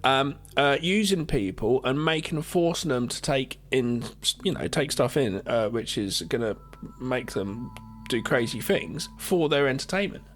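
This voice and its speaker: A man's voice: medium pitch, lively intonation, unhurried, a little hiss or hum. A man co-hosting a podcast, chatting casually about a film with side comments and repeated starts. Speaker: podcast co-host. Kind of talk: casual film review chat.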